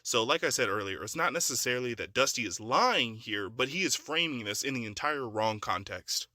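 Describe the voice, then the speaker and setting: A man hosting his own commentary video, calmly and pointedly debunking another creator's claims. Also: medium pitch, a little fast, no echo. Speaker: channel host and editor. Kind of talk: commentary rebuttal. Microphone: phone recording.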